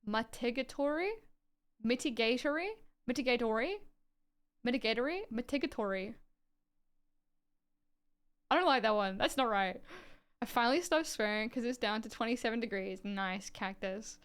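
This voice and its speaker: A woman's voice: a little high, brisk, fairly bright tone, smooth. An Australian woman livestreaming, reading dense legal text aloud and chatting offhand with viewers, swearing casually.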